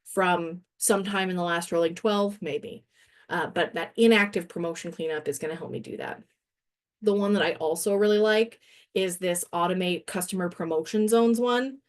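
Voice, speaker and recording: A woman trainer walking through a software demo in a webinar, chatty and self-deprecating, laughing now and then and a little winded. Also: on the low side, normal speed.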